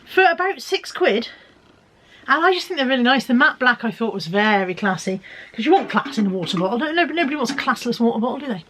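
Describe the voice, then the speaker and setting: A woman's voice: on the high side, expressive, quick pace, fairly bright tone, slight background noise. Chatty woman unboxing parcels. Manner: chatty, self-mocking, fiddling with packages as she talks. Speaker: vlogger. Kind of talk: casual unboxing chat.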